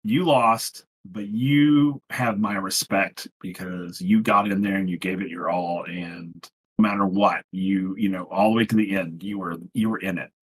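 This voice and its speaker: A man's voice: sits low, moderate pace, husky, low-quality recording. A man co-hosting a podcast, chatting earnestly and rambling, with many restarts. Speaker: podcast co-host. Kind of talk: casual wrestling recap chat.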